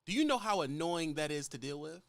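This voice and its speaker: A man's voice: a little high, animated, a little fast, vocal fry, a bit bright, no echo. A man with a Louisiana accent, a truck driver lecturing bluntly and profanely in a ranting vlog.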